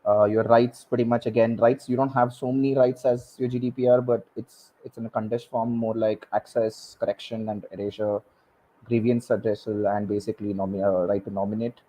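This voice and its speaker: A man, speaking as a guest expert on a panel, halting and repeating words with many fillers. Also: on the low side, level tone, dark tone, rough recording. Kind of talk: panel discussion.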